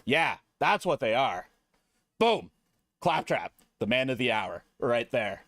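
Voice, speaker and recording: Male streamer, animated and swearing, mock-serious delivery, dry close mic. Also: mid-range voice, slow pace, no echo. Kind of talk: comedic slideshow rant.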